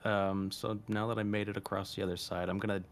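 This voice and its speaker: A man's voice: lowish voice, level tone, fast talker. A man playing a tabletop game, describing his moves casually and hesitantly with frequent ums. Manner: hesitant, many ums and uhs. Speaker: player.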